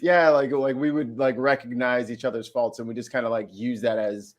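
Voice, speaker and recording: Animated joking man in a casual chat. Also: medium pitch, a little fast.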